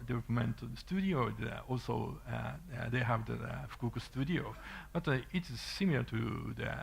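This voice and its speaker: A man with a Japanese accent giving a halting conference talk and answering questions, with many fillers and restarts. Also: mid-range voice, vocal fry, husky. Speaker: conference speaker.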